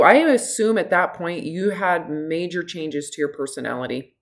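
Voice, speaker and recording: Low-voiced, frank woman health coach. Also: moderate pace. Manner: direct, frank, animated, laughs easily. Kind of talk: one-on-one consultation.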